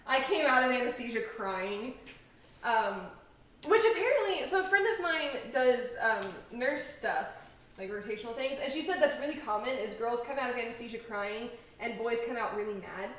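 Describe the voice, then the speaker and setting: A woman's voice: fairly high pitch, expressive, normal speed, a bit bright, a little hiss or hum. A young woman hosting a cooking show, telling stories in casual chat with many fillers. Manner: chatty storyteller, many "like"s and laughs. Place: home kitchen. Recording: echoey kitchen, mic far off.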